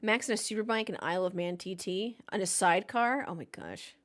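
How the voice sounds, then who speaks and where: A woman's voice: medium pitch, a little fast. A woman hosting a live race watchalong, joking casually and chatting with her viewers. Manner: playful, jokey, chatty with her live chat. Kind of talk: casual live-stream chat.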